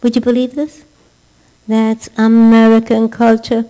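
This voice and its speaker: A woman teaching a religious class in a warm, mellow voice. She speaks emphatically, repeats key words for stress and acts out the people she quotes. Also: on the high side, monotone, measured pace, poor audio. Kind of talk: religious lecture.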